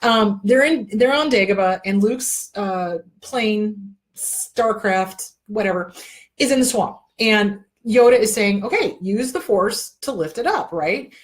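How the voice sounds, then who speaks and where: A woman's voice: mid-range voice, lively intonation, measured pace. A middle-aged woman hosting an advice talk show, speaking bluntly with frequent swearing and emphatic repetition. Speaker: therapist host. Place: indoor room.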